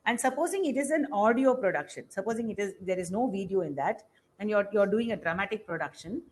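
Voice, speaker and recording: A middle-aged woman with an Indian English accent giving an unscripted lecture, halting often with fillers and restarts. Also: medium pitch, lively intonation, slight background noise, rough recording. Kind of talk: academic lecture. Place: lecture hall.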